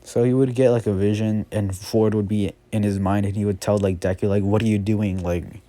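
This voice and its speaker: A man spinning a casual made-up story, rambling along with frequent fillers and restarts. His voice is fairly low and mellow, never sharp. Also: level tone, fairly quick, no echo. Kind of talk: casual fan story narration.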